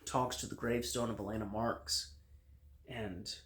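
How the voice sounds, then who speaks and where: A man's voice: on the low side, steady tone, measured pace, fairly bright tone. A man giving a casual spoken review of a TV episode, retelling the plot with frequent fillers and restarts.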